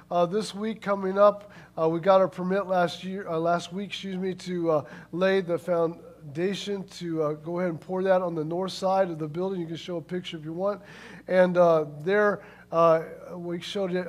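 A man pastor giving church announcements and a sermon in a casual, folksy storytelling way. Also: high-pitched. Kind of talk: sermon with announcements and a told joke.

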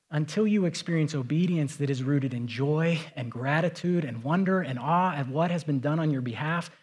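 A man's voice: a little high, darkish tone, breathy edge. A middle-aged man preaching a sermon as pastor, talking in a conversational storytelling way that rises to emphatic points.

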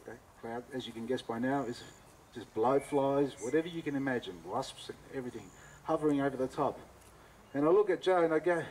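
A man's voice: mid-range voice, brisk, a little mellow, slight background noise, low-quality recording. An Australian man, a cooking teacher giving a talk, tells a story with animation and acts out both sides of a conversation.

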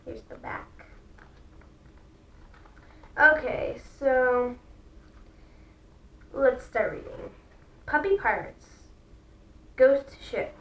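Slow, echoey woman reading a storybook aloud. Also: fairly high pitch. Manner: slow, careful reading with small restarts. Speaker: storybook reader. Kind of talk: reading a children's book aloud. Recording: echoey room, far from the mic, faint background noise.

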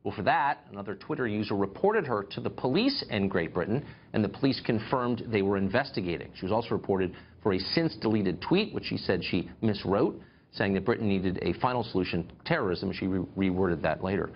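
A man's voice: lowish voice, expressive, brisk, highs cut off, a little hiss or hum. A man hosting a cable news show, introducing a guest and asking pointed, incredulous questions. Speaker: TV news host.

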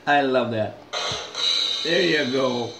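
Slowly and in a mid-range voice, an older man vlogs to his viewers in a folksy, meandering way, full of restarts and asides. Background noise and faint ambience fill the echoey room.

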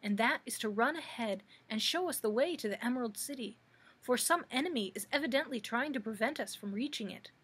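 Kind tin man, courteous storybook voice, a woman reading him, slightly husky. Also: on the high side, lively intonation, fairly quick. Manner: gentle and polite.

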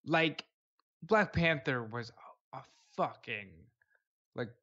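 A man's voice: medium pitch, expressive, slow pace, fairly bright tone. A man co-hosting a casual podcast roundtable, joking and blunt, swearing freely. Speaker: podcast co-host. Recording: slightly muffled lo-fi podcast audio.

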